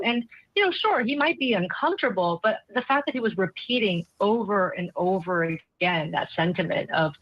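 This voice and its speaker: A woman psychologist giving measured, analytical commentary as a guest. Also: medium pitch, expressive, breathy edge, dry recording, muffled recording. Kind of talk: expert commentary.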